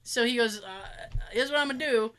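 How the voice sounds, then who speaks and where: A woman's voice: on the high side, a little fast. A woman chatting casually, telling a story with lots of swearing and acting out what others said. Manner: animated, swears freely, acts out others' lines.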